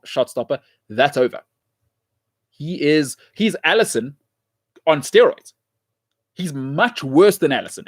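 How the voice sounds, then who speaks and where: A man's voice: medium pitch, no room sound, clean studio sound. A man hosting a show, delivering an opinionated, emphatic football commentary monologue with lots of repetition. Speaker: show host.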